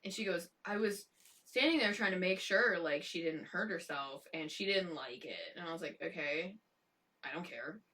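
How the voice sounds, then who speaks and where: A woman's voice: fairly low pitch, moderate pace, bright, forceful tone, distant mic. A woman co-hosting a casual live talk show, blunt and swearing, mimicking her kids in quotes. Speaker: podcast co-host. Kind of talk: casual chat. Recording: voice from off the mic.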